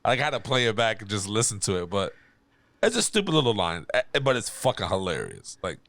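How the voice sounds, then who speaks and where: A man's voice: on the low side, sing-song, fairly quick, a bit bright, dry recording. A man co-hosting a casual music podcast in a laid-back, loose way with plenty of swearing. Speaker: podcast co-host. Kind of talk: casual chat.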